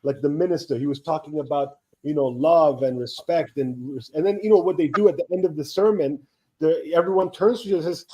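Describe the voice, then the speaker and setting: A man's voice: on the high side, moderate pace, poor audio. A man in his thirties telling long, rambling stories on a casual live co-stream, acting out the people he quotes. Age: 30s. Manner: rambling anecdotes, animated quoting of others. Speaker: co-stream host. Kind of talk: casual storytelling chat.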